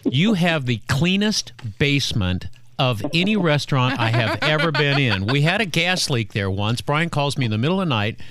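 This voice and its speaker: A man's voice: fairly high pitch, sing-song, moderate pace, a bit bright, a little hiss or hum. A man co-hosting a radio show, chatting casually and telling stories. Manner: chatty storyteller. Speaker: radio co-host.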